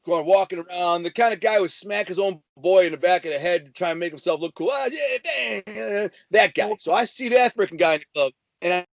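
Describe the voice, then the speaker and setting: High-voiced man telling swaggering tales. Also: quick pace, no echo. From Detroit. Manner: swaggering, animated, profane. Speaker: guest. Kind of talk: casual storytelling.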